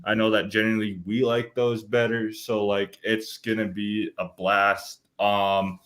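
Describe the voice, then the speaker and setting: A man co-hosting a casual podcast, talking in a relaxed, unhurried way with some hesitation. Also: fairly low pitch, low-quality recording. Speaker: podcast co-host. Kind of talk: casual chat.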